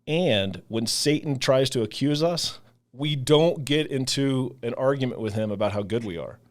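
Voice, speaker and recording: A man's voice: medium pitch, normal speed. A man who leads a ministry, talking earnestly in a casual faith discussion and acting out the voices he quotes. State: emotional, voice catching. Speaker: ministry leader and podcast co-host.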